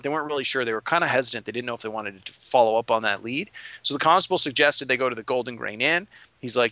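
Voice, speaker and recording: A man who is a game master, recapping a tabletop session in animated casual chat. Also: medium pitch, fast, no room sound.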